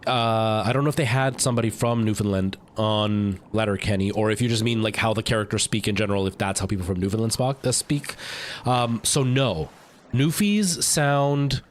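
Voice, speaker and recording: A man's voice: lowish voice, a little hiss or hum. A man streaming a game live, chatting casually with viewers in a rambling, talkative way. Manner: rambling, chatty, answering chat.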